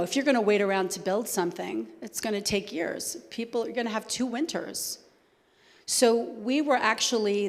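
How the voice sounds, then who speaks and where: A woman with a New Jersey accent talks fast and conversationally, her voice carrying a long reverb around a church hall. She speaks as a guest answering questions from the audience. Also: medium pitch.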